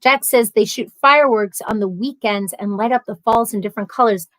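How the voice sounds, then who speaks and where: A woman hosts a casual live stream, reading viewer comments aloud, answering them, and rambling through animated stories with bursts of laughter. Her voice is on the high side and a little fast. The recording is rough, with no room sound.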